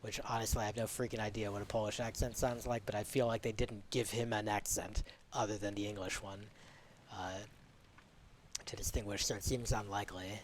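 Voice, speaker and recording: A man streaming a game live, musing aloud in a relaxed, unhurried way as he works things out. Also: fairly low pitch, a little hiss or hum.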